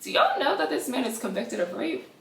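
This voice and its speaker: A woman's voice: high voice, fairly quick, creaky, distant mic. Sassy young woman in an echoey room. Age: 20s. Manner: chatty, animated, sassy asides. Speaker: podcast host. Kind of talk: casual gossip commentary. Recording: echoey room, a bit off-mic.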